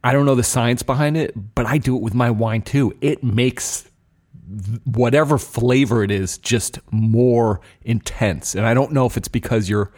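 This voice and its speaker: A young man talks through a beer tasting on his podcast in a loose, rambling way. He is candid and drops the odd swear word, and his voice sits at an ordinary middle pitch. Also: moderate pace, darkish tone. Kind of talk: casual tasting chat.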